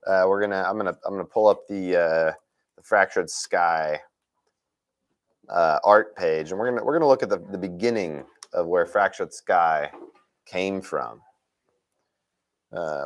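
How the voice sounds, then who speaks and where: A man with a very deep voice hosting a livestream, upbeat and informal. He stumbles through restarts and fillers as he sets up the next segment. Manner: halting, filler-heavy, upbeat. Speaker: livestream host.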